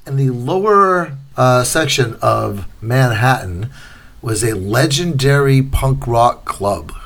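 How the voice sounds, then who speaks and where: Man, podcast co-host; easygoing, laughs readily, slow drawn-out setups. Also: medium pitch, animated, fairly bright tone. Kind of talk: casual chat.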